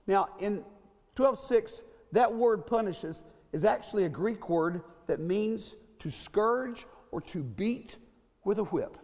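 An older male pastor, in his late sixties, delivers a folksy sermon in a tenor that sits notably high. His words hang in the long reverb of a church sanctuary. He repeats his main points and checks in with the congregation as he goes. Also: creaky, a little mellow. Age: 60s.

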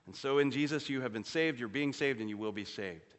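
Earnest preaching man in a reverberant hall. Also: a little fast. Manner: earnest preaching, swells louder for emphasis and drops low and quiet on solemn points. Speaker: pastor. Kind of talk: sermon.

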